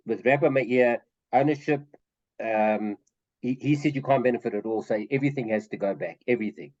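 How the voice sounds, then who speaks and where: A man's voice: medium pitch, darkish tone, muffled recording. A man taking part in a casual group study over a call, hesitating and repeating words as he thinks aloud.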